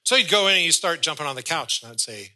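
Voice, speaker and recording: A man's voice: fairly high pitch, sing-song, quick pace, sharp tone, low-quality recording. A man, a pastor, preaching a sermon and telling a story, acting out short bits of dialogue along the way. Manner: storytelling, acts out little dialogues.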